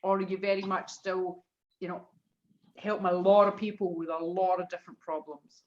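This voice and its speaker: A woman's voice: fairly low pitch, level tone, normal speed, highs cut off. Enthusiastic woman hosting an interview. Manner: enthusiastic, with hesitant fillers. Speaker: host. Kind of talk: casual interview.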